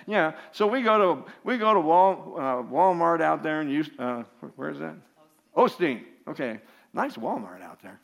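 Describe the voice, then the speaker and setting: A man's voice: a little high, animated, moderate pace, vocal fry, a bit bright. Chatty laughing male preacher. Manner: chatty, laughs often, many restarts. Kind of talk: anecdotal sermon.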